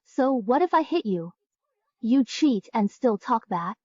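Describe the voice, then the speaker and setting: An actress playing a sharp-tongued young wife, defiant and vengeful, speaking coldly. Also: female voice, a little high, animated, unhurried, dry recording, dull audio. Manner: cold, defiant. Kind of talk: dubbed drama acting.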